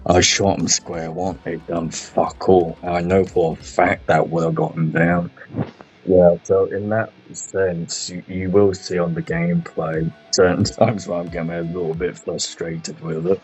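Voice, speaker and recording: A man chatting casually about a game, relaxed and swearing freely. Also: deep voice, a little slow. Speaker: gaming podcast host. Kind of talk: casual chat. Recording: muffled lo-fi sound, faint music.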